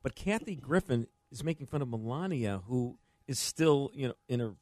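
Guy cohosting morning radio, lively up and down voice, dry studio sound, joking around. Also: medium pitch, normal speed, no echo. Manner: animated, jokey, self-deprecating. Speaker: radio co-host. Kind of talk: casual talk radio banter.

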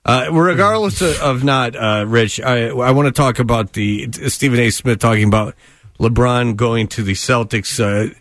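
Radio host, quips and laughs, dry studio mic. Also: male voice, mid-range voice, normal speed, fairly bright tone, no room sound. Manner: wisecracking, laughs often. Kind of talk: casual sports radio banter.

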